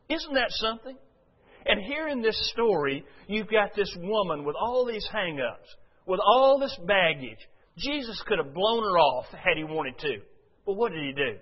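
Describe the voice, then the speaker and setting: In a dull lo-fi recording, a man preaches a sermon before a church congregation in a slightly rough, higher-pitched voice. His delivery is folksy and conversational, packed with rhetorical questions.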